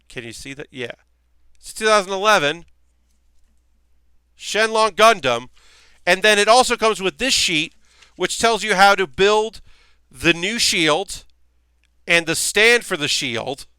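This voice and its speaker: A man streaming a model kit build rambles to his viewers in an irritated, chatty way, full of fillers and restarts. His voice is bright and clear, a touch high, and the close mic keeps it dry with no room sound. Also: no echo. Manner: ranting, annoyed, rambling with many fillers. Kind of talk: casual live-stream chat.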